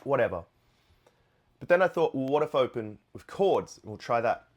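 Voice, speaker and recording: A man's voice: medium pitch, normal speed. Laid-back man telling a guitar story. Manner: relaxed, rambling, with frequent fillers. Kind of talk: casual storytelling to camera. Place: Nashville. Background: guitar playing.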